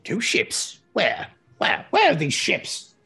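A man voicing a bossy female ship captain who shouts urgent orders at her crew. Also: fairly high pitch, huge pitch swings, slow pace, creaky, slightly rough, voice pushed up, exaggerated voice. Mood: alarmed.

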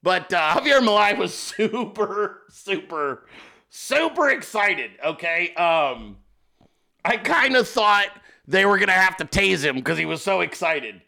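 A male host giving excitable, profane political commentary, laughing often as he talks. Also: high voice, unhurried, creaky. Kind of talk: casual commentary.

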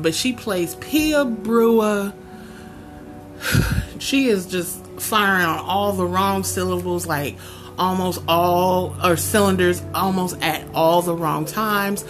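Sassy slow-talking woman podcast host. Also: medium pitch. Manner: sassy, sarcastic, animated asides. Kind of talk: casual show review.

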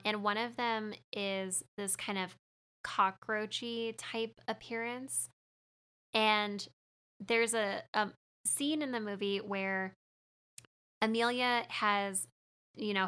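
A woman's voice: medium pitch, bright, forceful tone, clear, resonant tone. A young woman talking casually about a movie, chatty, laughing often and acting out lines.

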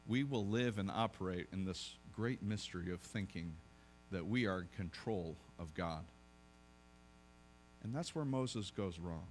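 A pastor preaching a sermon, telling a story conversationally with joking asides and frequent restarts. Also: male voice, low voice, a little slow, a little hiss or hum.

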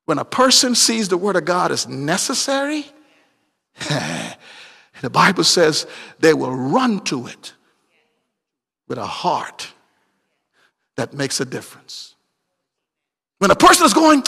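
Preacher guy, husky gravelly voice, big swings loud to quiet. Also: high-pitched, very animated, slow, pauses often, long reverb tail. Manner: emphatic, swings between loud bursts and hushed asides. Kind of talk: sermon.

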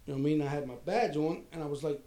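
A man from Maryland telling a crude, rambling personal anecdote in casual chat, animated and often laughing as he goes. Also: on the high side, very fast, a little hiss or hum. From Maryland, USA. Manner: animated, crude, laughs through his story. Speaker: storyteller.

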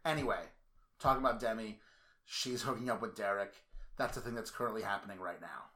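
A man co-hosting a podcast in casual chat, gushing and swearing freely and getting loud when excited. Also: fairly low pitch, brisk. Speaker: podcast co-host. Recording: roomy echo.

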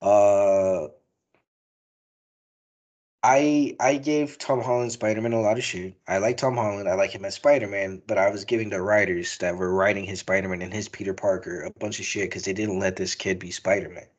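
Young male podcast host, low-pitched, loose and rambling, swears freely. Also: steady tone, normal speed, muffled recording. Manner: rambling, profane, emotional. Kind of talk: casual movie review chat.

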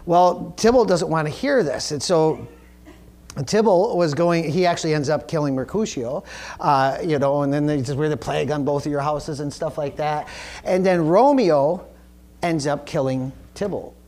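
At normal speed, a man delivers a sermon as pastor, telling a story loosely and stumbling through fillers and restarts. He then builds, rising in pitch and volume to hammer home his point.

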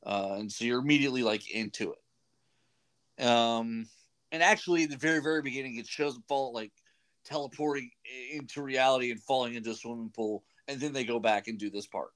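A man's voice: mid-range voice, fairly quick, fairly bright tone. A man hosting a radio show, rambling casually with many fillers. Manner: rambling, chatty, lots of fillers. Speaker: radio host. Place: radio studio.

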